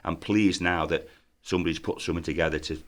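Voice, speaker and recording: A man in his fifties, a former footballer, telling lively anecdotes in a podcast interview and acting out other people's lines. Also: sits low, quick pace. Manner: lively storyteller who acts out voices in his tales.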